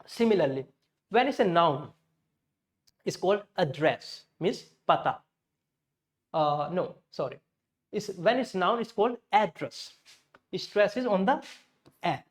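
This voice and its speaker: An English teacher with a high-pitched voice and lively intonation gives a classroom pronunciation lesson, speaking a little slowly and pausing often. He works step by step, weaves in Hindi glosses, and corrects himself as he goes.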